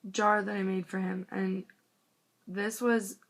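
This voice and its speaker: A young woman vlogs to her phone at a slow pace, her medium-pitched delivery flat. Still, the story she tells is excited and casual, gushing and rambling, packed with "like", with occasional drops into a whisper.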